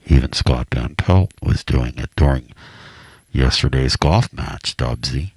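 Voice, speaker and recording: A man putting on a hushed golf announcer voice. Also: unhurried, breathy edge, dry recording, full character voice. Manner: low hushed murmur.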